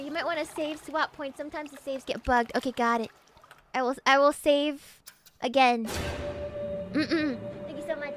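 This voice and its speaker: A woman's voice: high voice, fairly even intonation, moderate pace, background noise. A woman streaming a game, chatting casually and teasingly, and giggling as she thanks donors.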